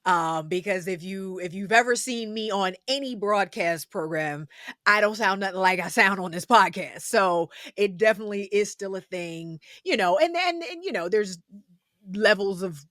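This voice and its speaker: A woman co-hosting a casual podcast, speaking candidly and with emphasis, repeating herself to drive points home. Her pitch is middling, and the recording is close and dry. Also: normal speed, a bit bright, no room sound. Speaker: podcast co-host and TV broadcaster.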